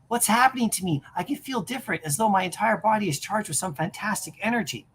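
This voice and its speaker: A woman's voice: mid-range voice, expressive, fairly quick, a little hiss or hum, natural voice. A woman doing a wide-eyed teenage boy. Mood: alarmed. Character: shy teenage boy, amazed by new powers.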